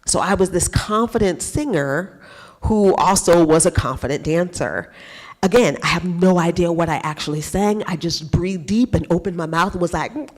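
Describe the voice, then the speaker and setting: Animated woman telling her story. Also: lowish voice, normal speed. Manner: animated, acts out her own past thoughts; laughs often between phrases. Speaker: guest speaker. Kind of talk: storytelling talk.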